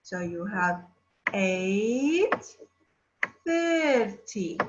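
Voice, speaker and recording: A woman teaching an English lesson to children, drawing out words slowly and asking the class questions. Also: medium pitch, big pitch swings, a little hiss or hum. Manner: slow, drawn-out words, addressing children. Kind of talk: distance-learning phonics lesson. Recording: roomy, dull lo-fi sound.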